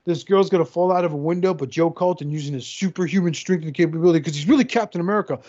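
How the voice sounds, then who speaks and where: A man in casual podcast chat, profanely riffing and acting out quick voices. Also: a little high. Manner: animated, profane, acts out voices. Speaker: podcast co-host. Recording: dull lo-fi sound.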